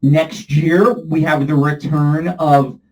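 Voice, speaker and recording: A man's voice: a little high, fairly even intonation, slow pace, a little mellow, rough recording. A man co-hosting a casual movie podcast, playful and jokey, fond of silly accents. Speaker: podcast co-host.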